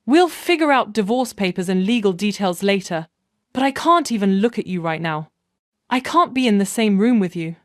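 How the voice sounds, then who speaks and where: A woman's voice: mid-range voice, lively intonation, moderate pace, no echo, studio quality, lightly acted. A woman narrator voicing a remorseful wealthy grown son in an audio story, reading his lines in a pleading, guilt-ridden manner. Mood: stern.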